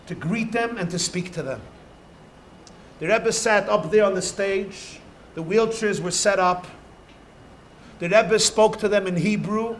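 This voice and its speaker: Man, rabbi telling stories to kids, high voice, animated, faint hum behind. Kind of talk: storytelling talk to children.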